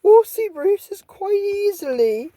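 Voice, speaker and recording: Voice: very high voice, big pitch swings, slow, warm tone, no echo, voice pushed up, exaggerated voice. A YouTuber voicing a timid, fragile female swamp monster who talks about herself by name. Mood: fretful.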